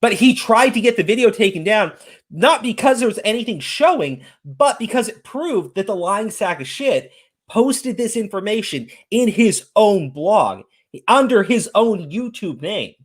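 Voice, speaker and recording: A man hosting a heated casual commentary, swearing freely as he rants. His voice swings widely in pitch, jumping up sharply whenever he is incredulous. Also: big pitch swings, measured pace, husky. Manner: profane, ranting, incredulous outbursts. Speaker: podcast host.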